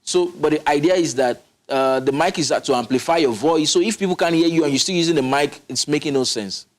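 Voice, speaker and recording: With a slightly high voice and a brisk pace, a man who coaches public speaking lays out his methods emphatically during a studio interview. He teaches as he goes, often starting his sentences over.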